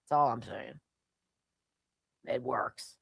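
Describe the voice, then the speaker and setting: A woman's voice: a bass voice, takes it slowly, creaky, a bit bright, husky, dry recording. Chatty woman radio host, dry studio sound. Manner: chatty, emphatic, jokey and sarcastic. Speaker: radio talk show host. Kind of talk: live radio host reading sponsor ads.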